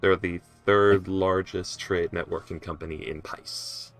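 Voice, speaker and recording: Deep gravelly man, laughing player. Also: fairly even intonation, unhurried, soft background music. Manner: joking, laughs a lot. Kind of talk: casual chat during a tabletop game.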